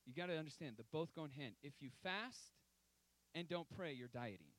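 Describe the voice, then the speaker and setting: A man in his thirties preaching a sermon, telling stories with emphatic, sudden loud outbursts. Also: fairly high pitch, animated, moderate pace, low-quality recording.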